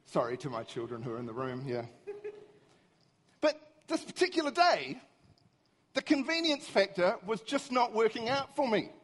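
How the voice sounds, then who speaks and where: A middle-aged man giving a humorous, self-mocking storytelling talk to an audience, animated and easily exasperated. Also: sits high, normal speed, pauses often. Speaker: speaker.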